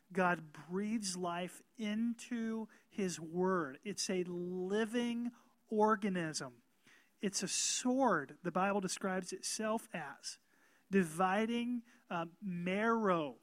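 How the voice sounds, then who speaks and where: A pastor preaches emphatically to his congregation, calling out amens and growing louder and more animated as he goes. His voice sits high, and the recording is dry.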